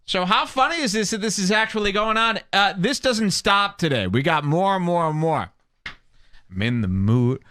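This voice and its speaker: A man's voice: sits high, lively intonation, normal speed, bright, forceful tone, clear, resonant tone. A man hosting a comedy podcast, riffing and mocking with big swings. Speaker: podcast host.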